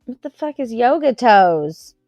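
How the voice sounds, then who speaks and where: A woman hosting a reaction livestream, making slow, puzzled asides between clips. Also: on the high side, sing-song, a little mellow, dry recording, soft background music.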